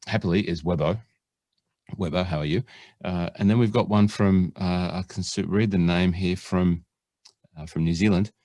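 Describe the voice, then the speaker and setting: Aussie guy hosting a podcast, low voice, dry sound, jokes around and rambles with lots of ums. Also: a little mellow, no room sound. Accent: Australian. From Australia. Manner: chatty and jokey, rambling with many fillers. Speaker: podcast host. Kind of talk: casual podcast chat.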